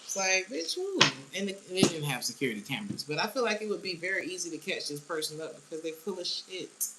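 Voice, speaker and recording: A woman's voice: low-pitched, lively intonation, fast, heavy background noise. A woman giving a casual tarot reading, blunt and slangy, often laughing. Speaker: tarot reader.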